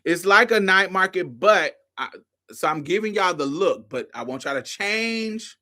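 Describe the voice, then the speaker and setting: A woman's voice: fairly low pitch, animated, unhurried, pushed and bright. A woman hosting a show, casually telling a story to her listeners, swearing freely and calling them y'all, honey and baby. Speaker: host.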